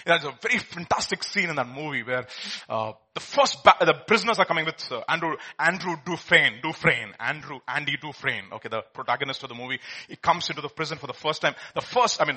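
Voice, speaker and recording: A man preaching a sermon, telling a film story with swings from hushed to loud. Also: fairly high pitch, lively intonation, fast, slightly rough. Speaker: pastor.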